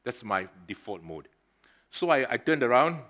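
A middle-aged man preaching a sermon, telling a personal story in a conversational, animated way and speaking straight to the congregation. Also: mid-range voice, moderate pace. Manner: conversational, addresses the congregation directly; animated storytelling with swings in loudness.

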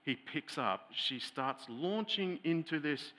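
A man's voice: fairly high pitch, expressive, slow pace. A man, a pastor, preaching a conversational sermon, telling stories with many fillers and restarts. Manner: storytelling, growing loud and heated when retelling an angry scene.

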